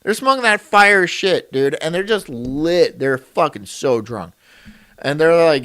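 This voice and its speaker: Crude rambling male streamer, lively pitch. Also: measured pace. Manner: crude, rambling, laughs often. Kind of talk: casual stream chat.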